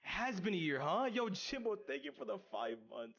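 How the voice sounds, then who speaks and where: This is a young live-streamer reading his viewers' messages in casual conversation, excitable, loud in bursts, swearing, and stuttering with frequent restarts. His high-pitched voice moves at normal speed with a creaky quality, and the sound is lo-fi.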